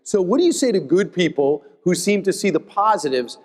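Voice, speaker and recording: A man moderating a live panel, asking brisk, bantering questions. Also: sits high, big pitch swings, darkish tone. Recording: long hall reverb.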